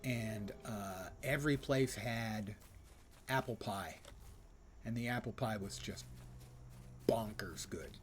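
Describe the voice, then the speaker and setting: An older man streaming a game, chatting casually and rambling with frequent filler pauses. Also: lowish voice, slight background noise. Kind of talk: casual gaming commentary.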